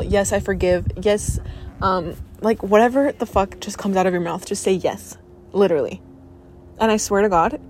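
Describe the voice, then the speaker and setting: A young woman in her late teens talks casually as a podcast host, chatty and excitable. She fills her talk with fillers and casual swearing. Her pitch sits in a middle range, with faint noise in the recording. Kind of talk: casual chat.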